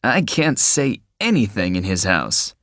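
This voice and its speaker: A man voicing a reserved, wealthy young man in an audiobook, quiet and guarded. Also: lowish voice, sing-song, a little slow, dry recording, studio quality, full character voice. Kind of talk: audiobook character voice.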